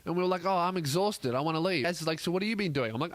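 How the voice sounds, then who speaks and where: A man's voice: sits high, lively intonation, fast talker, hardly any pauses, a bit bright, no room sound. A man telling a comic story in a sweary, exasperated rant, acting out other people's lines. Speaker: comedian host. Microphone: podcast microphone.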